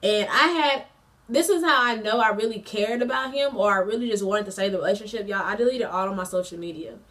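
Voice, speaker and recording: A young woman in her twenties chats through a breakup story in a loose, slangy storytime style. Her voice sits at a middle pitch and comes from a little way off the mic. She fills her talk with "like" and "um" and laughs between lines. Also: brisk, distant mic. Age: 20s. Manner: chatty, slangy, frequent fillers; animated, laughs mid-story. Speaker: college student vlogger. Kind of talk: casual storytime chat.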